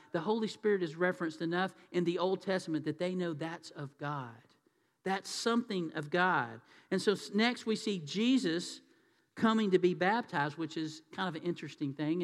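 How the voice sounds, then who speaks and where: High-voiced preacher in a reverberant hall. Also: male voice. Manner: conversational preaching with rhetorical questions to the congregation. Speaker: pastor. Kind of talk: sermon.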